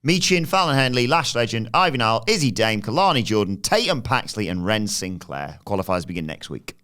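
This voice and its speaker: A man's voice: fairly low pitch, very animated, brisk, sharp tone, clear, resonant tone. A man co-hosting a podcast, recapping events in a casual, offhand way. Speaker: podcast co-host. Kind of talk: casual wrestling recap chat.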